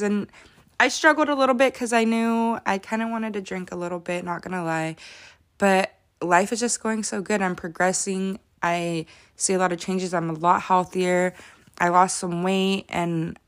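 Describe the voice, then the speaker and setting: A woman's voice: mid-range voice, fairly even intonation, moderate pace. A woman in her thirties talking candidly to camera as she answers follower questions, emotional and sometimes close to tears, with lots of fillers. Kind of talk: casual confessional talk to camera.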